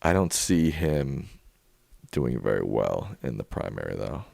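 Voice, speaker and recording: A man hosting a casual livestream, chatting in a relaxed way and thinking aloud as he answers viewers. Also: very deep voice, measured pace, gravelly, dry recording, studio quality. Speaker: livestream host.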